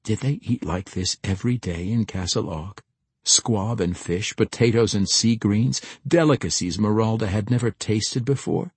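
A man with a husky, lowish voice narrates a fantasy audiobook at normal speed, telling the story expressively. There's no echo on the recording.

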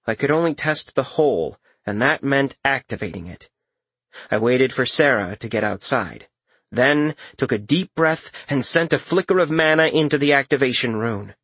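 A man reading a first-person audiobook in a measured, wry manner. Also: mid-range voice, a bit bright, husky, dry recording. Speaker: narrator.

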